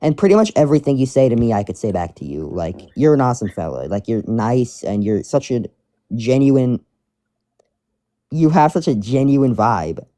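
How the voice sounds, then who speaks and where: A man talks casually as he reads fan mail aloud, rambling and often restarting mid-sentence. His pitch swings widely, his tone is warm and mellow, and the sound is close and dry. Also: big pitch swings, normal speed, dry recording. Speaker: streamer reading fan mail. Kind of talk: casual chat.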